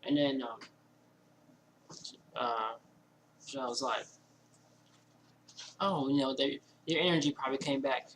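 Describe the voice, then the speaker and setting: A man telling a personal story casually indoors at home, rambling and animated, with lots of fillers and quoted asides. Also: medium pitch, unhurried, gravelly, pauses often, slight background noise, poor audio.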